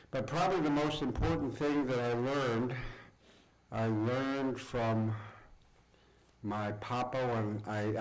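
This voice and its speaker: An older man giving an acceptance speech to an audience, telling stories from his upbringing in an unhurried, reflective way with pauses. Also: mid-range voice, rough recording. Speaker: award recipient giving a speech. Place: event hall before an audience.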